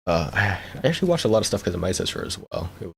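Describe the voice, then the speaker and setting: Deep gravelly young man rambling on stream. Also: huge pitch swings, rapid-fire. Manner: rambling, laughs often, repeats words. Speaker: VTuber streamer. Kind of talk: casual stream chat.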